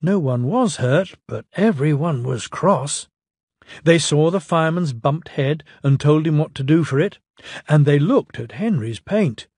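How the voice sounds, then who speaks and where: A man reading a children's storybook aloud in a lilting, expressive way. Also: fairly high pitch, unhurried, slightly rough, dry recording, studio quality. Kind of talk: storybook narration.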